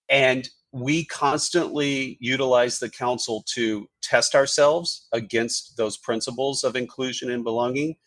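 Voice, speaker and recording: A man speaks as an HR executive guest on a podcast, with a measured, corporate delivery full of small fillers. His voice sits at an ordinary middle pitch. The recording is dry and close, with no room sound. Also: dry recording. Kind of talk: podcast interview answers.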